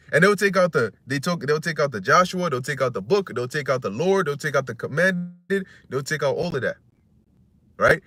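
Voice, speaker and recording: A man's voice: on the high side, lively intonation, normal speed, fairly bright tone, dry recording. A man preaching casually on scripture, rambling and conversational, acting out voices he quotes and cursing freely.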